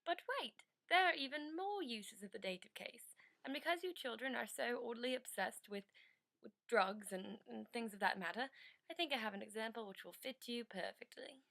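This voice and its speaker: A woman's voice: a little high, normal speed, gravelly, fairly bright tone, slight background noise. A teenage woman playing a teacher in a school project skit, lecturing in an exasperated way. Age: teens.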